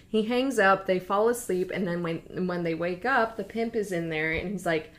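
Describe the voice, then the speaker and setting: A woman's voice: medium pitch, normal speed, few pauses. Chatty young woman recapping a story. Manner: chatty, animated retelling with acted quotes.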